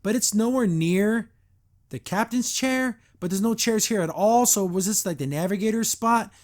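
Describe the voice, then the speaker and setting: A man's voice: high-pitched, moderate pace. A man hosting a podcast, reviewing a cartoon episode in a sarcastic, exasperated way and acting out the characters' lines.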